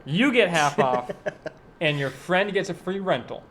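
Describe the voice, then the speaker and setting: A man's voice: sits high, expressive, normal speed, fairly bright tone, slight background noise. A man co-hosting a casual podcast, joking and self-deprecating as he explains a promotion. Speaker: podcast co-host.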